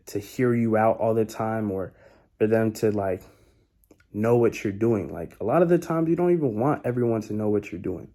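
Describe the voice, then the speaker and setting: A man's voice: fairly low pitch, warm tone. A young man giving casual motivational life advice in a laid-back, slangy way, often repeating his key points.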